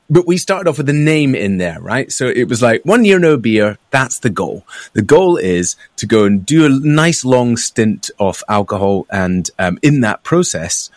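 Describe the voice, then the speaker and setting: A man being interviewed on a podcast as a founder, talking in a relaxed conversational way and often asking "right?". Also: fairly low pitch, no echo, studio quality. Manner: relaxed, conversational, many fillers and rhetorical "right?". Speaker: podcast guest, founder of a sobriety program. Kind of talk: casual interview.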